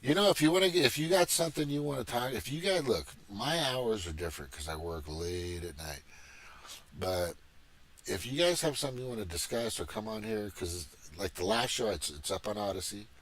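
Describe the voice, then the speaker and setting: A low-voiced middle-aged man ranting on his livestream, swearing freely and circling back over his points. His talk wanders and restarts, heated and agitated throughout. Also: lively intonation, brisk, a bit bright. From Missouri, USA. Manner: profane, rambling, agitated. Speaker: livestream host. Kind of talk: casual political rant.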